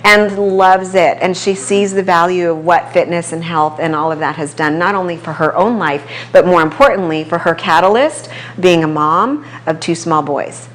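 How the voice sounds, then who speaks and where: Trainer lady telling client stories at an office talk, a bit low-voiced, chatty with lots of asides. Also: fairly bright tone, slight background noise. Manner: conversational storytelling, quick asides. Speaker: personal trainer. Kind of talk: casual talk to a small audience. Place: chiropractic office.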